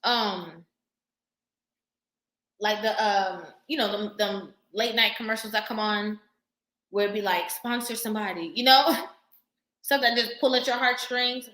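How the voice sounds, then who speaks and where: A woman vlogger talking casually to camera, sassy and animated, laughing often. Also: medium pitch, unhurried, pauses often, reverberant.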